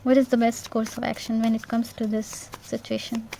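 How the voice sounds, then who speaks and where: A woman giving an intuitive tarot reading in a gentle, reassuring way, repeating herself and checking in with "yeah?". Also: fairly high pitch, flat delivery, moderate pace, a little hiss or hum. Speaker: tarot reader.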